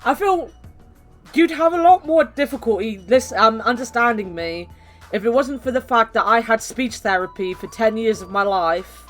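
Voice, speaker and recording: A woman's voice: on the high side, lively intonation, normal speed, fairly bright tone, faint music behind. A young woman from the West Country with a mild British accent, rambling and laughing as she chats with her stream viewers. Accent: mild British, light West Country. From West Country, England. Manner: rambling, chatty, laughs often. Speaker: game streamer. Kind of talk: casual chat with stream viewers.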